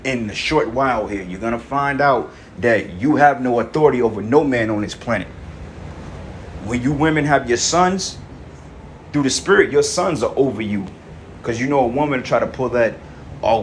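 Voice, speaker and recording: A man's voice: mid-range voice, slight background noise. A man giving a casual spoken rant about a religious topic, blunt and confrontational, with profanity and rhetorical questions. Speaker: member of a religious group giving commentary.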